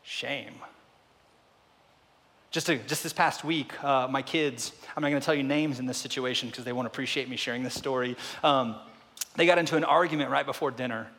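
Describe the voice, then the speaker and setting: A man preaches a sermon in a voice of middling pitch. He drops to near hushes and then climbs to loud peaks, firing off repeated rhetorical questions. His words ring out with a long reverb from a large hall. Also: normal speed. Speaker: pastor.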